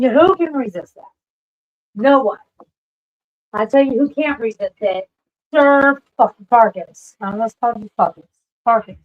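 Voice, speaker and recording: A woman streamer in casual livestream chat, ranting with lots of swearing and shouting at her pets. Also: a little high, rough recording.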